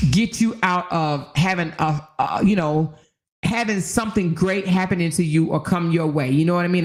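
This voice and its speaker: Older woman host, gravelly voice with fry, conversational and preachy, builds to exhortation. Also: fairly low pitch, a little mellow. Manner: preachy, emphatic, rising into exhortation; conversational, full of "you know". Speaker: channel host. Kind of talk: casual livestream chat.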